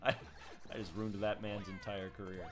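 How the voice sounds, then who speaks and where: A man's voice: lowish voice, flat delivery, normal speed, a bit bright, faint music behind. A man streaming a game, chatting casually and laughing often.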